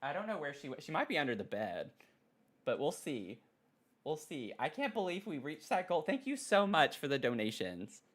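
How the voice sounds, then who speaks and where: A man streaming casually at his desk mic, excitable and giggly, cooing softly to his pet between thanks to viewers. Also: a little high, moderate pace. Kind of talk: casual live-stream chat. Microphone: desk microphone.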